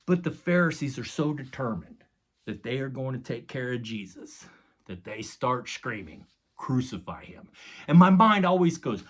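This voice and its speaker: A man's voice: high voice, fairly bright tone. A man preaching a sermon, retelling a story dramatically with casual asides to his listeners. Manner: dramatic retelling with acted quotes and sound effects; casual, addresses listeners as guys. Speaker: pastor.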